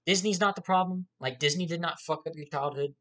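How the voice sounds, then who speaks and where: A man's voice: fairly high pitch, brisk, a bit bright. Angry man ranting, swearing constantly. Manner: profane, heated, repetitive. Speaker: YouTuber. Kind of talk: angry rant to camera.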